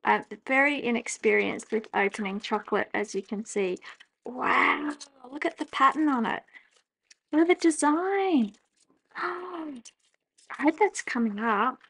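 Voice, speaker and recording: A woman, chatting casually at her desk as she journals, laughing often and breaking into excited exclamations. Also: high voice, unhurried, creaky, breathy edge. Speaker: journaling vlogger. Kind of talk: casual chat while journaling. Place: home desk.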